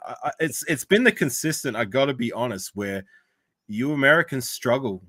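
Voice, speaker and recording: A man's voice: medium pitch, lively intonation, moderate pace, bright, forceful tone, no echo. An Australian man hosts a casual live-stream chat. He is chatty and laughs often, with many restarts. The sound is dry and close. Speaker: podcast host.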